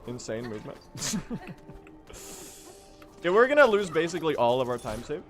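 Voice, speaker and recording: A man's voice: on the high side, big pitch swings, normal speed, soft background music. A young man doing live, joking gameplay commentary as a speedrun streamer. He chats to his viewers and swears casually.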